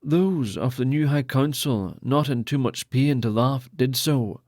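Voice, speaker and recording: An audiobook narrator, a man with a middling pitch, reads an epic fantasy novel aloud steadily and measuredly. The scripted narration is recorded dry, with no room sound.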